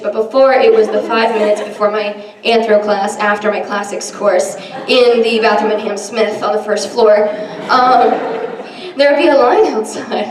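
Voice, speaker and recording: A woman's voice: medium pitch, far from the mic. Young woman doing stand-up in an echoey hall. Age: young adult. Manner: self-deprecating, chatty with many ums. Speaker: stand-up comedian. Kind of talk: stand-up set. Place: large hall with a live audience. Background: audience laughter and room noise.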